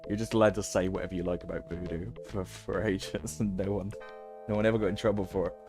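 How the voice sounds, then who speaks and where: A man's voice: low voice, fairly even intonation, quick pace, over music. A man streaming a game, chatting casually and laughing often. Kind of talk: casual gaming commentary.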